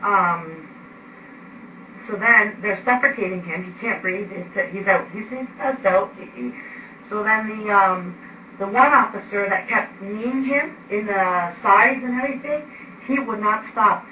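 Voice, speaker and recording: This woman speaks at a measured pace in a mid-range voice, giving an agitated eyewitness account of an arrest from inside her home. She's animated, using gestures to act out events. The recording is echoey, with a distant mic and background noise.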